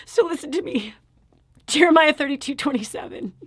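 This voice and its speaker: A woman's voice: high-pitched, lively intonation, fairly quick. A woman giving a personal testimony and preaching, dramatic in delivery and often dropping to a whisper. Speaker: Christian motivational speaker.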